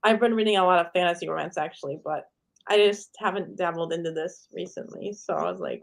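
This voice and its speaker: A young woman co-hosting a book club, talking in a relaxed, agreeable and slangy way. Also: fairly low pitch, quick pace, vocal fry. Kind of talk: casual book chat.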